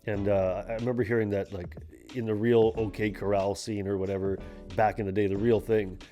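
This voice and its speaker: A man's voice: on the low side, little pitch movement, normal speed, dark tone, soft background music. A young man co-hosting a casual film chat, easygoing and repeating words as he thinks. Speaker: podcast co-host.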